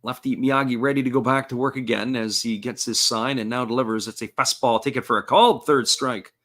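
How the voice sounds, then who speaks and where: A man calling a baseball game live, his voice sitting at an everyday middle pitch. He talks in an easygoing, folksy way, describing each pitch and chatting with viewers in between. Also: fairly quick. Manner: steady, folksy play-by-play with asides to chat. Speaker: play-by-play commentator.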